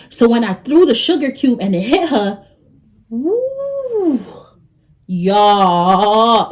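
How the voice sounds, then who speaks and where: A young woman telling a story to her vlog audience in an animated way. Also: mid-range voice, rough recording. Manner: animated, talks straight to the audience. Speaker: vlogger.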